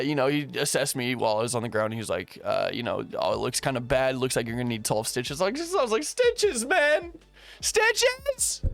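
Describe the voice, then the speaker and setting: A young man telling a story casually, slangy and animated, playing out his own past lines. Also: on the high side, smooth.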